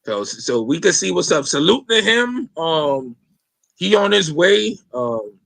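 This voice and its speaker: Man, podcast host, casual slang, rambling, profane, bright voice, dry close sound. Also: fairly high pitch, expressive, slow, gravelly, dry recording. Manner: loose, rambling, profane slang with many fillers.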